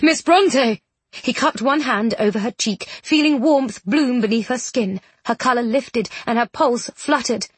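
A woman narrating a novel in an expressive, dramatic audiobook reading. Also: a little high, unhurried, breathy edge, dry recording.

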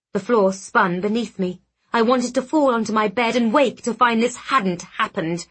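A woman reading a first-person romance novel aloud, with soft, intimate narration and acted dialogue. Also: mid-range voice, unhurried, breathy edge. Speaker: audiobook narrator.

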